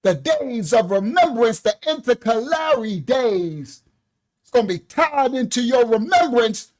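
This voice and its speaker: Male bible teacher on a livestream, energetic, breaks into exclamations and loose colloquial asides. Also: extremely high pitch, measured pace. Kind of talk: livestreamed scripture lesson. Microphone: own microphone.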